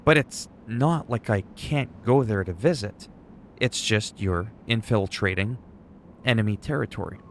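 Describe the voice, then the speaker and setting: A man's voice: fairly low pitch, measured pace, slight background noise. A man livestreaming a game, chatting casually and enthusiastically with viewers, rambling a bit and swearing now and then. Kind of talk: casual gameplay chat.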